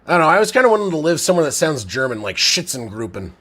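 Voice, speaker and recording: A man live-streaming play-by-play commentary while reading chat, a little drunk and with a strained throat, swinging from low mumbles to loud shouts. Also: big pitch swings, rapid-fire. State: tipsy, drinking. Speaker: livestream sports commentator.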